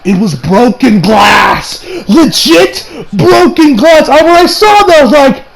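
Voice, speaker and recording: High-pitched dude ranting about a wrestling show, swears a lot, keeps restarting. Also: male voice, measured pace, creaky, low-quality recording. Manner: excitable, profane, rambling with restarts. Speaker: wrestling reviewer. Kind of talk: casual review monologue.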